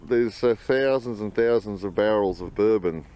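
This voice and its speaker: A man's voice: lowish voice, moderate pace, dark tone, clean tone. A man with an Australian accent, chatting casually and joking while touring distilleries. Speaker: traveller on a distillery trip. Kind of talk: casual chat.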